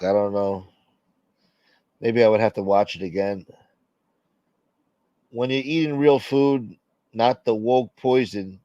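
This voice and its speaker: Reading chat during a casual late-night stream, this host rambles and swears a lot. His lowish voice has a warm tone, captured in a dry recording with the highs cut off.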